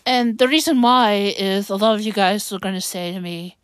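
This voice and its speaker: A woman's voice: medium pitch, moderate pace, no echo. A woman hosting a personal podcast monologue, emotional and rambling, stumbling over her words while upset and close to tears. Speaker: podcast host.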